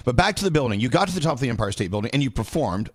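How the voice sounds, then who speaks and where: A man's voice: medium pitch, big pitch swings, racing, no echo. A man hosting a morning radio show, upbeat and joking with his guest. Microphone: studio microphone, dry.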